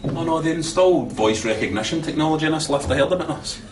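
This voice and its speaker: An actor with a Scottish accent playing a man stuck in a voice-controlled lift, loud and mocking in a comedy sketch. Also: on the high side, quick pace, roomy sound, slight background noise, lightly acted. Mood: exasperated. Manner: loud, increasingly irritated, mocking.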